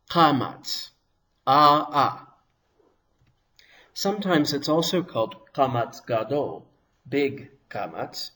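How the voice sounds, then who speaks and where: A man teaching a language lesson, explaining each sound patiently and pronouncing examples slowly and carefully. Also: medium pitch.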